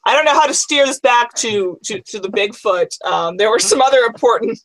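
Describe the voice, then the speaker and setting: A woman's voice: a little high, expressive, brisk, few pauses, a bit bright, no room sound, poor audio. Chatty wry woman podcast co-host. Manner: chatty, wry asides while reading aloud. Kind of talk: casual chat.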